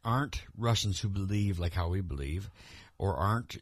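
With a deep, animated voice at normal speed, this male podcast co-host chats casually about politics and the news, rambling along and often restarting or repeating words. The studio recording is clean and echo-free.

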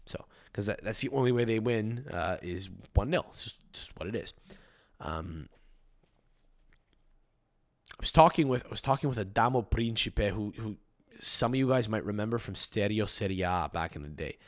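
A man's voice: on the low side, expressive, moderate pace, pauses often. A man hosting a solo football podcast in casual, rambling chat, swearing freely and often restarting or repeating his phrases. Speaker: podcast host.

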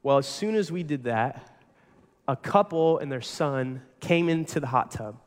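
A young adult male pastor delivers a sermon in a large sanctuary with long reverb. His voice sits slightly high for a man. He tells the story dramatically, rising loud in tense moments and dropping to a hush for reflection. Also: animated, a little slow. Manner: storytelling, dramatic shifts between loud and hushed.

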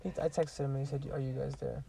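A man's voice: mid-range voice, little pitch movement, fast talker, vocal fry, heavy background noise. A young man in casual chat with a friend, slangy and swearing a lot. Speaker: friend chatting. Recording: distant mic in a chatty crowd.

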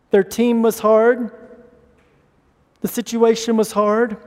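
A man's voice: sits high, warm tone. A man preaching a sermon to his church, impassioned, sometimes acting out people pleading in prayer. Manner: impassioned, acts out pleading voices. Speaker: pastor. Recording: reverberant hall.

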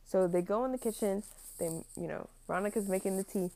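Young woman, casual plot recap, rambling, filler-heavy, mellow dark tone. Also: medium pitch, fast talker, vocal fry.

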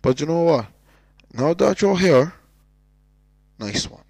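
A man's voice: a little high, expressive, slow pace, gravelly, darkish tone, no echo, poor audio. A man with a Cork Irish accent hosting his podcast, talking loosely and jokily, swearing often and trailing off into restarts. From Ireland. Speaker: podcast host. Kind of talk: casual rambling solo intro.

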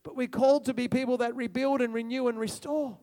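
A man preaching with a very high voice for a man, loud and bursting with excitement. He drives his points home with emphatic repetition. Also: brisk. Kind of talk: sermon.

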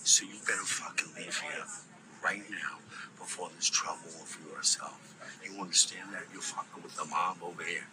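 An older man in a restaurant, speaking in a gruff, threatening and insistent way. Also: deep voice, steady tone, moderate pace. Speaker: restaurant patron in viral video. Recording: noisy phone video.

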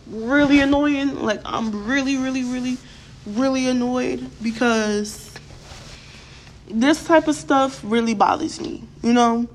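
A young woman ranting to her viewers in a blunt, profane, fired-up way, often repeating words for emphasis. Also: high-pitched. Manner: fired-up, addresses viewers directly. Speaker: vlogger. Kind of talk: casual opinion rant to camera.

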